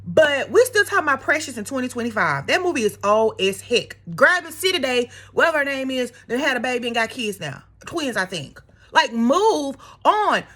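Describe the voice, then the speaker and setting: A woman's voice: high voice, big pitch swings, normal speed, a bit bright. A woman in her thirties giving a sassy, exasperated opinion rant straight to her viewers. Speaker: commentary vlogger.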